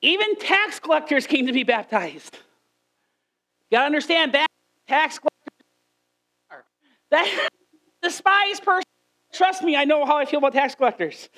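High-pitched, relaxed preacher with an informal, joking sermon style. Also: moderate pace, long pauses, rough recording. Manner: conversational, joking with the congregation.

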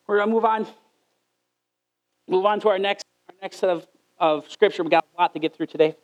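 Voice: mid-range voice, fairly quick, long pauses, poor audio. A preacher giving a conversational sermon indoors, joking with the congregation between passages.

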